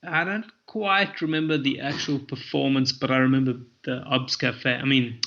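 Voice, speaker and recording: A man with a bright, forceful voice, telling comedy stories in a rambling way. He corrects himself as he goes. The audio is dull and lo-fi. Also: medium pitch, steady tone, moderate pace, gravelly. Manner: rambling, self-correcting storytelling. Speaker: comedian guest. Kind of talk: casual interview chat.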